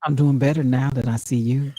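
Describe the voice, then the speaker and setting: Woman putting on a smooth flirty guy voice. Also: fairly even intonation, a little fast, mellow, slight background noise, poor audio. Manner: low put-on man voice, crooning. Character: smooth-talking man at a bar, flirty.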